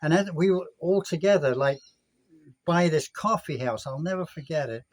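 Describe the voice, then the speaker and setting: A man's voice: a little high, moderate pace. A man in his sixties from the United Kingdom, telling a rambling story in a casual vlog rant. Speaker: vlogger.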